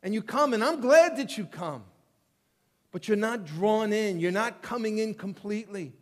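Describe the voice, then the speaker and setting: A man preaching a sermon as pastor, telling the story with animated, acted-out voices and frequent restarts. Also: sits high, moderate pace. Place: church sanctuary. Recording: long reverb of a church hall.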